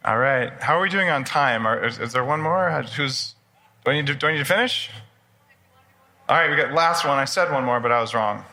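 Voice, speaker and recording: Bright-voiced man giving a lively talk. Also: mid-range voice, brisk. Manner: enthusiastic, conversational, jokes with the audience. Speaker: speaker at a personal development expo. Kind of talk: live conference talk. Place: event hall before a live audience.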